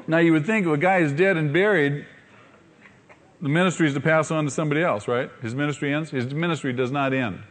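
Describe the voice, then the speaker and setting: Lively preacher man telling a Bible story. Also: fairly high pitch, quick pace. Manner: animated storytelling, acting out characters, rhetorical questions. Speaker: pastor. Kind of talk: sermon.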